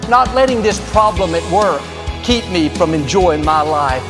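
Upbeat high-voiced male pastor preaching. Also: measured pace, in a large hall, music in the background. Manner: upbeat, confident preaching with repeated declarations. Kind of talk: sermon.

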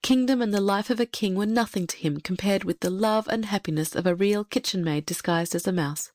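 A woman's voice: medium pitch, a little fast, a little mellow, dry recording, studio quality. Woman reading a fairy tale aloud. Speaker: audiobook reader. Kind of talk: storybook narration.

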